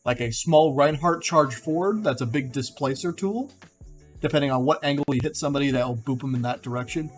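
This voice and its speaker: A man's voice: mid-range voice, fairly quick, faint music behind. A young man casually rambling through game hero concepts, with many fillers and self-corrections. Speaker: gaming video creator.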